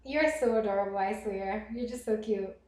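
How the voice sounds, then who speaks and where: A woman's voice: mid-range voice, moderate pace. Chatty streamer woman, roomy sound. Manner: animated, laughs often, reads chat aloud. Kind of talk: casual live-stream chat with viewers. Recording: roomy echo.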